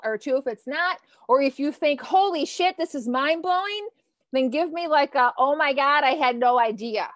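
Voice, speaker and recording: A high-pitched woman in her thirties, teaching as a nutrition coach in an animated, loose way that drops swear words and reacts to comments. Her voice sits close and dry on the mic, with no room around it. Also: dry recording. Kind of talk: live-streamed coaching talk.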